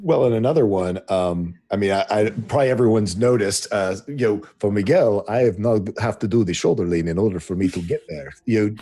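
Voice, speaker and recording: A man who runs a tabletop game, talking casually about his approach to the game in a thoughtful, halting way. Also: lowish voice, mellow. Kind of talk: casual tips discussion.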